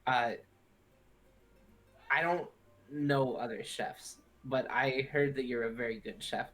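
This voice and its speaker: A man's voice: medium pitch, fairly even intonation, slow, a bit bright. Casual young male tabletop player. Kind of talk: playing a tabletop game.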